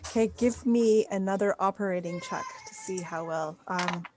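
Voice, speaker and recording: A woman's voice: medium pitch, moderate pace, darkish tone, a little hiss or hum. A woman running a tabletop game as game master, describing scenes with many fillers.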